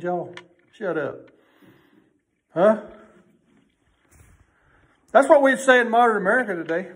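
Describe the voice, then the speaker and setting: A male preacher with a notably high voice. He preaches in a folksy, emphatic way, rising to loud bursts and dropping to hushed asides. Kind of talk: sermon.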